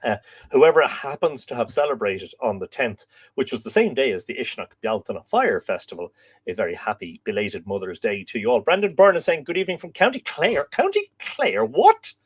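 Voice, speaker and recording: A man's voice: mid-range voice, lively intonation, brisk, husky. Chatty Irish man reading out viewer comments. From Ireland. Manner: chatty and musing, with filler words. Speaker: host. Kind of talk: live stream chat, reading viewer comments.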